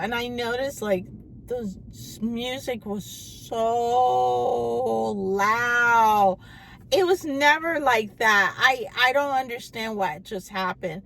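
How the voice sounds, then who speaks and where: A woman telling a personal story in a casual vlog, acting out what people said with sudden jumps in pitch. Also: dry recording. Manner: animated, acts out quotes with big pitch jumps. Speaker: vlogger.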